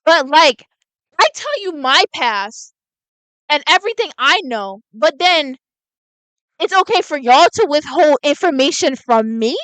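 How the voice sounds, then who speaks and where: A young woman casually commenting on a story game, excitable and slangy, often talking back to the characters and quick to shout. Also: sits high, no echo. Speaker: gamer playing a story game. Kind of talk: casual let's-play commentary.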